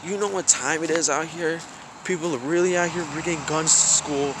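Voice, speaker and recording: A young man voicing a disappointed male school security guard lecturing slowly and in disbelief. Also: on the high side, steady tone, background noise, close to an everyday voice. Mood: incredulous.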